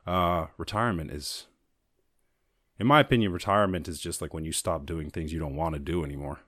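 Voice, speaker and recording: A man hosting his own show, talking loosely and profanely in a jokey solo monologue and slipping into quick silly voices. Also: sits low, a bit bright, no echo, studio quality. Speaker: podcast host. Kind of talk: casual comedic monologue.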